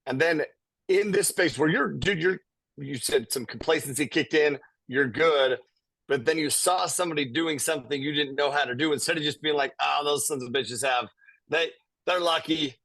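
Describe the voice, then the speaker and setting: Chill podcast host guy, raspy gravelly voice, says bro a lot, dry close sound. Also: fairly high pitch, moderate pace, fairly bright tone, no room sound, poor audio. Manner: laid-back, says "bro" and "dude", swears casually. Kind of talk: casual interview chat.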